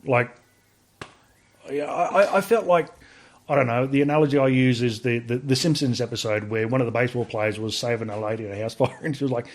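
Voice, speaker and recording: A man's voice: mid-range voice, a little fast. Blunt Australian man telling a story. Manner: blunt and profane, lots of fillers. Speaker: guest. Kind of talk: casual storytelling.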